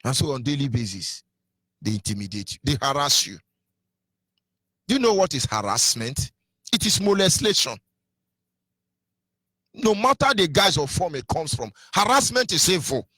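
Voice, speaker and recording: A man's voice: a little high, very animated, normal speed, pauses often, bright, forceful tone, slightly rough, dry recording. A man with a Nigerian accent giving a fiery political sermon on radio, asking rhetorical questions and half-singing some phrases. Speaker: activist radio speaker.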